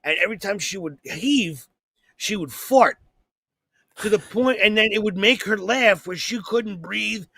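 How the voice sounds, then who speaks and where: High, bright New man rambling. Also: a little slow, vocal fry, breathy edge, no echo. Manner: rambling, excitable anecdote-telling. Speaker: comedian podcast co-host. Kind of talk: casual chat, storytelling.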